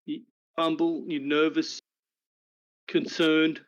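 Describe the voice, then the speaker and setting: A man narrating a tabletop game as game master, calm and brisk. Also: fairly high pitch. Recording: dull lo-fi recording.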